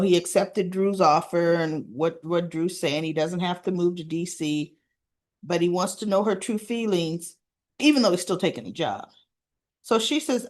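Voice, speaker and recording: A woman hosting a casual soap opera recap, retelling scenes and dialogue with chatty asides. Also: medium pitch.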